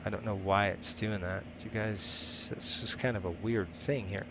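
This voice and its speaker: A man's voice: on the low side, steady tone, normal speed, background noise. A man hosting a live stream, thinking aloud as he sets things up and chatting with viewers between steps. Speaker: flight sim streamer.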